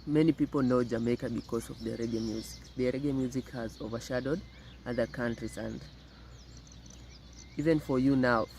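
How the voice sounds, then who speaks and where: A man hosting a reaction video, talking to camera in a halting, repetitive way and often calling the viewers "guys". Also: mid-range voice, fairly even intonation, vocal fry, darkish tone, slight background noise. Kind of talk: casual commentary to camera.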